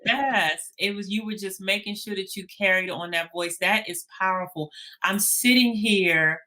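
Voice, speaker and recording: A woman's voice: medium pitch, steady tone, normal speed, pushed and bright. A woman hosting an interview, affirming her guest with frequent murmured agreement. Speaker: host.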